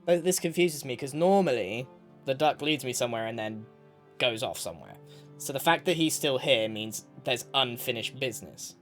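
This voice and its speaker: A man's voice: mid-range voice, lively intonation, normal speed, fairly bright tone, soft background music. A man, chatting casually as a player in a tabletop game.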